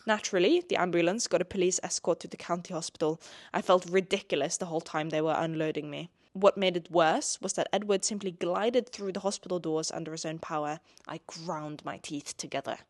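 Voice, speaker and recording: A woman's voice: fairly low pitch, a little fast. A young woman hosting, reading a novel aloud and breaking off into chatty, sarcastic commentary with some swearing. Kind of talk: book reading with casual commentary.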